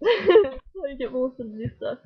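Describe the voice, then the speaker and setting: A young woman talks to her webcam in a high, bouncy voice that swoops up and down as she giggles and fills every pause with "like". Her tone has a husky, breathy edge, and the home recording sounds dull and lo-fi. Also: sing-song. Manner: giggly, chatty, peppered with "like". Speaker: vlogger. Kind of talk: casual chat to camera.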